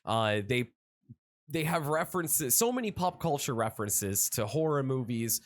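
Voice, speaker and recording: A man's voice: mid-range voice, sing-song, normal speed. A man co-hosting a podcast in casual chat, rambling and full of fillers and restarts. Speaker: podcast co-host.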